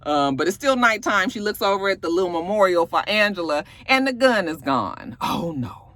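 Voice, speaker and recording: A woman giving a casual episode recap, animated and profane, full of sassy asides. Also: mid-range voice, a little fast, no room sound. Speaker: TV episode reviewer.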